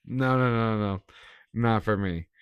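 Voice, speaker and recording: A man's voice: lowish voice, measured pace, smooth, no room sound, highs cut off. A man giving a casual, blunt movie review, laughing often and swearing.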